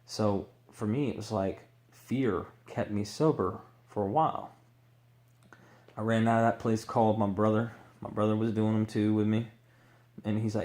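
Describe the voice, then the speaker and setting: A man's voice: fairly low pitch, steady tone, normal speed, darkish tone. A man candidly telling his own addiction recovery story, rambling and swearing freely as he acts out what people said.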